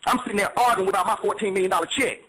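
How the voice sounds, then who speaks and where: Fast-talking high-voiced man, streetwise and emphatic. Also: a bit bright, breathy edge, rough recording. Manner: streetwise, emphatic, repeats "you see what I'm saying". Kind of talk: casual instructional talk.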